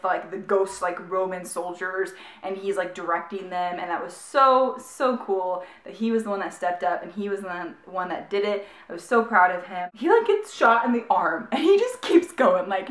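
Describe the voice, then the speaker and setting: A young woman reviewing a book in a casual, gushing way, full of "like" and excited restarts. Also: mid-range voice, reverberant. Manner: gushing, excited, heavy use of "like".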